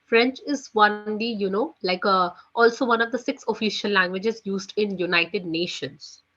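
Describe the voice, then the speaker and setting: A woman's voice: mid-range voice, moderate pace, fairly bright tone, highs cut off. A woman teaching French in a live online class, chatty, leaning on "you know" and "guys". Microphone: video call.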